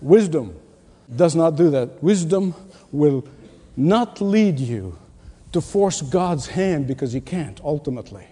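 A pastor preaching a sermon with emphatic delivery, repeating his key lines and swinging between loud declarations and hushed asides. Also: a little high, lively intonation, slow, slightly rough. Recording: long hall reverb.

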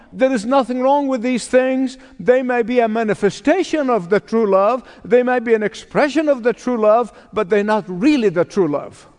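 A male pastor delivering a sermon with a fairly high voice, driving his points home through repetition and calls to the congregation. The sound carries the long reverb of a church sanctuary. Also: darkish tone.

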